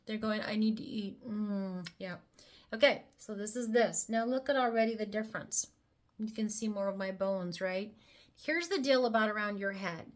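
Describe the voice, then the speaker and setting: A woman with a mid-range voice and moderate pace presents a casual makeup tutorial. She walks the viewer through every step, adding chatty, playful asides along the way.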